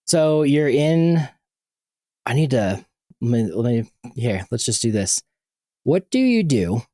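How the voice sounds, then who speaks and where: A man's voice: medium pitch, big pitch swings, slow pace, mellow, no room sound, studio quality. A man hosting a podcast, chatting casually and rambling with lots of fillers and restarts. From United States. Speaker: podcast host. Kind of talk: casual chat.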